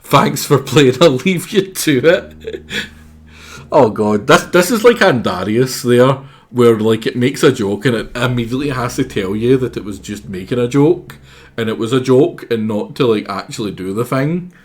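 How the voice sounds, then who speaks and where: A man's voice: medium pitch, expressive, moderate pace. A man streaming a game on a headset mic, making wry, rambling asides. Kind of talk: gaming stream commentary.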